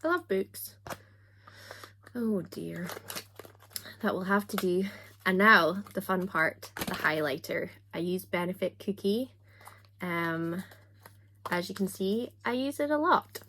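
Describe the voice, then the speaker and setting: A woman's voice: medium pitch, slow, pauses often, bright, forceful tone, slight background noise. A young woman chatting casually on camera while doing her makeup, with a self-mocking, chatty manner and little asides. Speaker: book vlogger.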